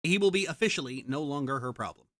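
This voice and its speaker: A woman's voice: low-pitched, expressive, fast, fairly bright tone, no room sound, clean studio sound. A woman streamer in casual chat, ranting heatedly and swearing a lot.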